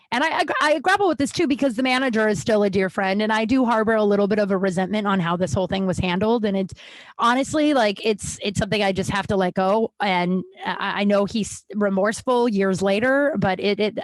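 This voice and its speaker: A woman's voice: medium pitch, no echo. A woman in her thirties hosting a podcast from a small room at home, telling a personal story in a blunt, frank way, swearing freely and restarting sentences. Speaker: podcast host.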